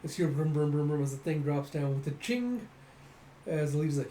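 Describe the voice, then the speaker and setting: A man's voice: on the high side, normal speed. Man reading comics with sound effects. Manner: animated, acts out sound effects. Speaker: comic readthrough host. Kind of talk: casual comic readthrough. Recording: echoey room, faint noise.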